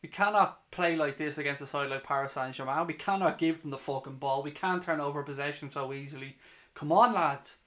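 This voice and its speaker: Brief male fan host, fairly high voice, live play-by-play breaking into angry cursing rants. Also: fairly quick, sharp tone. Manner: sweary, heated, ranting between play-by-play. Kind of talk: live match reaction commentary.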